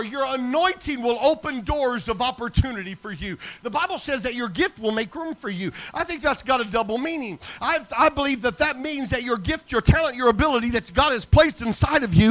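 A man's voice: very high-pitched, lively intonation, brisk, few pauses, fairly bright tone, poor audio. A middle-aged man, telling a story in a sermon and acting out the dialogue. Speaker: preacher.

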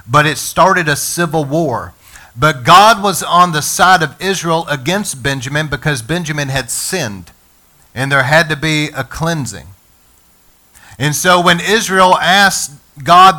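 A man preaching a sermon to his congregation, energetic and calling on the listeners to respond. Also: a little high. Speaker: pastor.

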